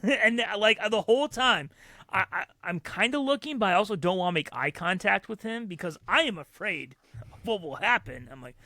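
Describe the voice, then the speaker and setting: A man co-hosting a podcast, telling animated stories in casual chat and acting out the people he quotes. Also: high voice, normal speed, no echo, clean studio sound. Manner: animated storyteller who acts out loud quoted voices. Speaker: podcast co-host.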